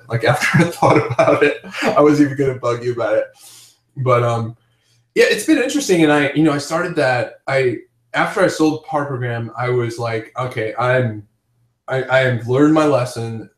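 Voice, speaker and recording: A man's voice: medium pitch, distant mic. Man, casual podcast host, rambling storyteller, roomy echo, off-mic. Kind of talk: casual chat.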